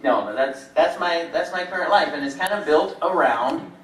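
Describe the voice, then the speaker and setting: A man's voice: fairly high pitch, expressive, moderate pace, a bit bright, a little hiss or hum. Joking man speaking in a hall. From Georgia, USA. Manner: joking, self-deprecating, laughs often. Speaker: nurse and conference speaker. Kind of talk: humorous keynote talk. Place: large conference hall at a resort. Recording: echoey hall from far off.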